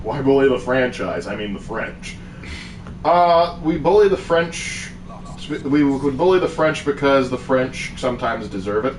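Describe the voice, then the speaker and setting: A man's voice: medium pitch, animated, unhurried, recorded from a distance. Off-mic man with dry asides. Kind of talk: casual gameplay chat. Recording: echoey, a bit off-mic, faint noise.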